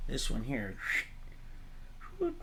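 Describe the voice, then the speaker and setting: Gravelly, lively man preaching on stream. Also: mid-range voice, slow, slight background noise. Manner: animated, preachy, jumps between topics; laughs often at his own remarks. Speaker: livestream host. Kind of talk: rambling livestream monologue.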